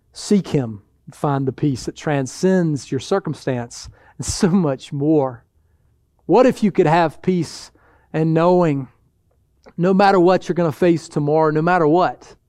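A man preaching a sermon to his congregation, earnest and given to rhetorical questions and soft laughs. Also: fairly high pitch, no room sound, studio quality. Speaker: pastor.

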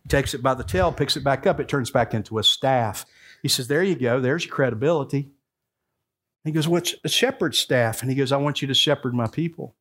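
A sixty-something male pastor with a somewhat high voice delivers a sermon. He tells the story by voicing its dialogue, then presses his points home with rising emphasis. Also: moderate pace, gravelly. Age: 60s. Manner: storytelling preacher who acts out the dialogue, rising to emphatic peaks.

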